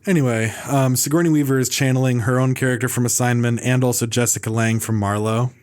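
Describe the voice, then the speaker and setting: A man's voice: medium pitch, fairly even intonation, fast talker, a little mellow. A man hosting a casual film podcast, rambling through reviews with restarts, fillers and mocking asides. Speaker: podcast host.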